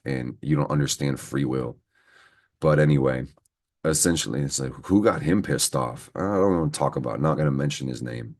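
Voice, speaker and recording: At a normal speed and with a rumbling low voice, an astrology reader talks to his viewers in a casual horoscope reading on camera. He rambles, curses, and vents with heat.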